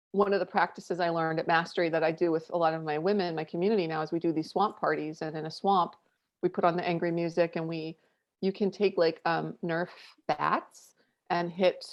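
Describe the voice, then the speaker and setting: A woman in her thirties, a podcast co-host, telling a family story in casual chat, candid and animated with lots of fillers. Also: lowish voice. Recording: dull lo-fi audio.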